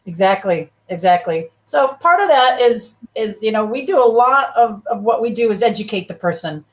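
A woman talks casually as a guest on a talk show about her health practice. She is animated and keeps slipping into short acted-out exchanges with her clients. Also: a little high, normal speed. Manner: animated, acts out client dialogues.

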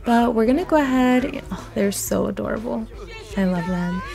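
A young woman hosts a let's play, offering casual, playful commentary as she gushes and giggles over her game. Her voice is fairly high and creaky, and she speaks at a normal speed.

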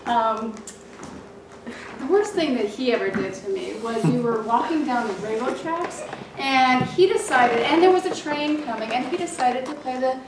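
High-voiced woman storyteller, distant echo. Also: moderate pace. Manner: lively storytelling that acts out quotes. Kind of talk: casual personal anecdote. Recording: echoey room from a distance, noise.

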